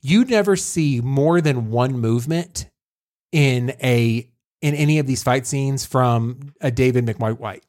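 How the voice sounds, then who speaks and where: A man's voice: medium pitch, unhurried, a little mellow, dry recording, studio quality. A man hosting a podcast, recapping a movie in casual chat, rambling with lots of fillers and laughs. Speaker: podcast host.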